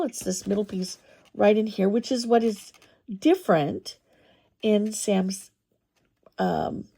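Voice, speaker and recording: Slow, gravelly-voiced woman crafter. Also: mid-range voice, dark tone. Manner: step-by-step, unhurried, thinking aloud. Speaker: papercraft tutorial host. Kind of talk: craft tutorial demonstration.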